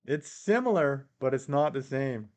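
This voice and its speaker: A man's voice: mid-range voice, lively intonation, measured pace. A man with a Canadian accent hosting a casual live stream, reading viewer comments aloud and answering them with frequent chuckles.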